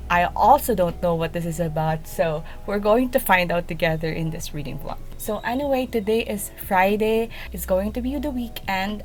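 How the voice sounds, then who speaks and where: A woman's voice: mid-range voice, rough recording. Chatty young woman vlogging her reading. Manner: chatty, self-deprecating, animated. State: sniffly from allergies. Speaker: book vlogger. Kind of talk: casual reading vlog updates.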